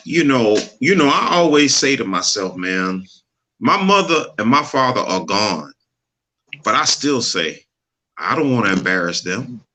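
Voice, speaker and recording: A man's voice: medium pitch, sing-song, a little slow, bright, forceful tone. A middle-aged man telling a personal story in casual chat, earnest and preachy, laughing easily. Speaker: podcast co-host.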